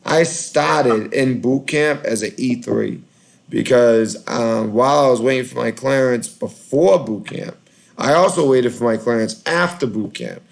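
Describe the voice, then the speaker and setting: Boston man, creaky voice, halting and rambling, call-in show chatter. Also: mid-range voice. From Boston, Massachusetts. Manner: rambling, halting, heavy on fillers. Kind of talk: casual call-in chat.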